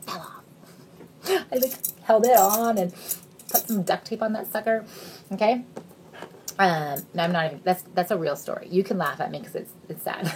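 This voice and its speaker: A woman in her thirties giving a casual, chatty sales pitch straight to her viewers, bubbly and jokey. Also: moderate pace, long pauses, darkish tone, a little hiss or hum. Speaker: direct sales consultant.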